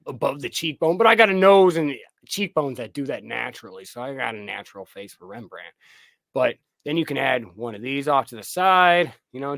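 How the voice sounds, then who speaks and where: A film director chatting as a podcast guest, animated and loose with his swearing. He acts out his own reactions in quick bursts. His voice sits mid-range and dry, close to the mic. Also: medium pitch, creaky, no room sound. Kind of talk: casual podcast chat.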